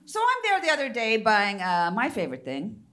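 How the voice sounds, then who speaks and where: A woman's voice: on the high side, huge pitch swings, normal speed, sharp tone. A woman in her fifties doing a stand-up comedy set on a theater stage, brassy and bawdy as she teases the crowd. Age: 50s.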